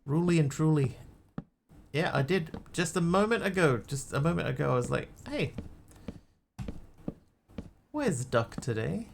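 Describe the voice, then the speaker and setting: A man's voice: on the high side, brisk, vocal fry, a little hiss or hum. Chatty man streaming a game. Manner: chatty, greets and answers chat while playing. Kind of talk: casual gameplay chat.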